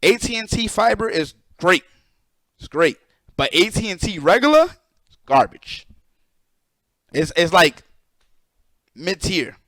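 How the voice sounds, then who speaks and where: High voiced streamer dude cussing and ranting at chat, dry close mic. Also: male voice, slow pace, long pauses, dry recording. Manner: profane, animated, talks to chat. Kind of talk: casual live-stream rant.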